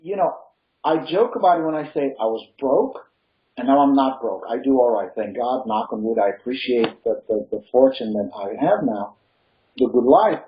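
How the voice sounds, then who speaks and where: A man with a mid-range voice and lively intonation speaks at normal speed as a real estate coach in a casual interview, his slight Eastern European accent showing he isn't a native English speaker. Emphatic and motivational, he laughs easily, and the recording is muffled.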